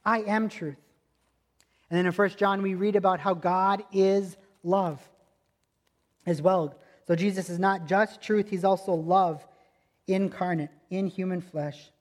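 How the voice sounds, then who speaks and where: A man's voice: sits high, steady tone, measured pace, a little mellow. A man preaching a sermon as pastor, earnest and emphatic, driving points home through repetition. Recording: long hall reverb.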